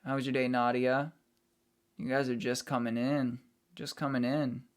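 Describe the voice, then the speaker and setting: A man's voice: mid-range voice, level tone, normal speed, smooth. A man streaming, chatting casually with his viewers and greeting them as he reads the chat. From United States.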